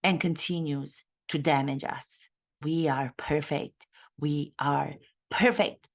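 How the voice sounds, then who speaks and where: A woman voicing a self-pitying royal prince, a man who blames everyone else, in a lowered, pompous, self-righteous tone. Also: steady tone, slow, heavily acted. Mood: smug.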